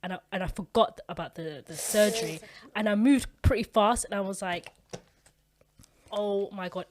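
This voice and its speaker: A woman's voice: medium pitch, brisk. Young woman, podcast co-host, candid storytelling, slangy. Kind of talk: casual chat.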